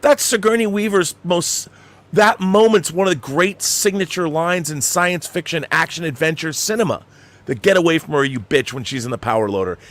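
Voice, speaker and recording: A man's voice: on the high side, moderate pace, a bit bright. A man on a live podcast movie review, complaining heatedly and with swearing.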